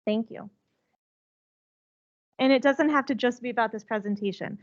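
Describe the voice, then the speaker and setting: A woman's voice: a little high, moderate pace, highs cut off. Breathless woman presenting. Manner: friendly, chatty, laughs often. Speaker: conference presenter. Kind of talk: conference presentation. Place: conference room. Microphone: handheld mic.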